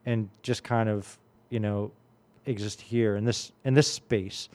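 This late-forties radio music show host speaks a little slowly on the low side, with fairly even intonation and a darkish tone. He's a rambling, casual storyteller who uses lots of fillers.

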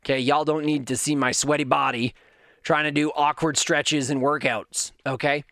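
A man streaming to his chat, giving a casual motivational talk, animated, his voice leaping up high when he stresses a point. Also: normal speed, dry recording, studio quality.

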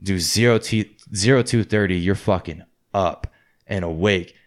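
A man casually telling boot camp stories, swearing constantly and acting out drill instructors' yelling. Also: low-pitched, moderate pace. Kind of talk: casual podcast chat.

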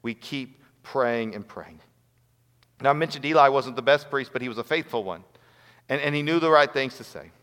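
A man's voice: medium pitch, normal speed, fairly bright tone. Man preaching in a reverberant hall. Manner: earnest, storytelling with acted quotes. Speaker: pastor. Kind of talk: sermon.

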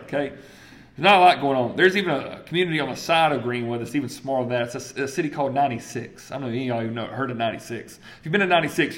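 A man from South Carolina with a Southern accent, preaching a conversational sermon, reading scripture and acting out voices. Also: fairly high pitch. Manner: conversational, animated, quotes scripture and acts out voices.

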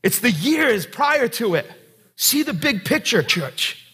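A male pastor preaching with a high, bright voice that has a husky edge. He talks in an earnest, conversational way and turns often to the congregation with direct questions. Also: sing-song, a little slow. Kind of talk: sermon.

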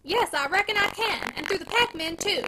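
A woman's voice: very high-pitched, huge pitch swings, moderate pace, gravelly, noisy background, pitched above the performer's own voice, full character voice. A woman voicing a severe, suspicious aunt who scolds her husband. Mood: sharp.

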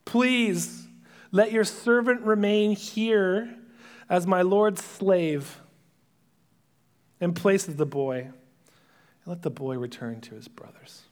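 A male pastor preaching a sermon, retelling a story dramatically and dropping to hushed whispers at its emotional moments. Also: high voice, slow, pauses often.

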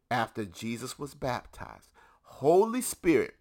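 A man's voice: medium pitch, sing-song, a little slow, fairly bright tone. A man preaching a teaching sermon to a congregation, emphatic and often putting questions to his listeners.

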